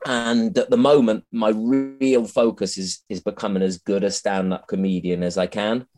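A man's voice: lowish voice, flat delivery, moderate pace, a little mellow. A man, a comedian being interviewed on a podcast, chatty and self-mocking, swearing freely and often restarting his sentences. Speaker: comedian guest.

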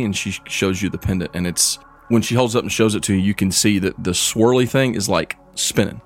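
A man with a fairly low voice narrates a tabletop game as its game master. He describes each scene loosely, adding casual fillers as he goes. Quiet music plays in the background. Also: fairly even intonation, brisk, hardly any pauses.

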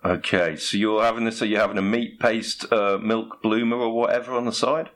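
A man's voice: lowish voice, steady tone, brisk, a bit bright. A man playing straight man in a comedy chat, dry and sceptical, asking pointed questions.

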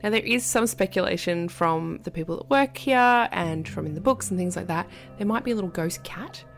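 A woman, a podcast guest telling a story in a casual, animated way and dropping to a whisper at the creepy parts. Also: fairly low pitch, a little fast, gravelly, soft background music.

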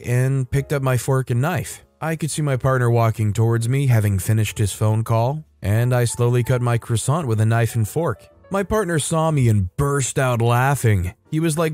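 A man hosting a story channel, reading online revenge stories aloud in a casual, lively way. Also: medium pitch, moderate pace, few pauses, soft background music. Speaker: story channel host and narrator.

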